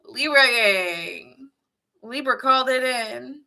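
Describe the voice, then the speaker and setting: A woman with a bright, ringing voice talks through a tarot reading in a loose, conversational way. She muses aloud, responds to viewers' comments and laughs easily as she goes. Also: a little high, slow pace, vocal fry. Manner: casual, chatty, reacts to viewers' comments. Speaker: tarot reader. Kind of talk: live tarot reading chat.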